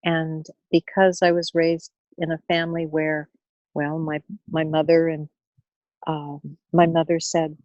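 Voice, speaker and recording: A woman speaker on money wellness, telling a story in an earnest, gentle way and often repeating words as she goes. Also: deep voice, fairly even intonation, measured pace, no room sound, muffled recording. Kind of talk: storytelling in a talk.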